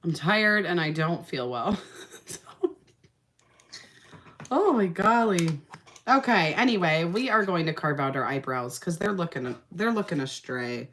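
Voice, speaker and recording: A woman's voice: on the low side, lively intonation, measured pace, pauses often, a bit bright. A young adult woman hosting a casual makeup livestream, reading out comments, sounding tired, laughing often and trailing off into fillers.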